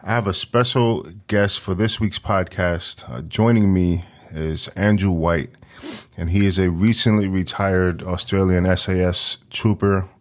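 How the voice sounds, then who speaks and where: A man's voice: deep voice, steady tone, measured pace. A man hosting a podcast interview, talking casually with many fillers. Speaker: podcast host.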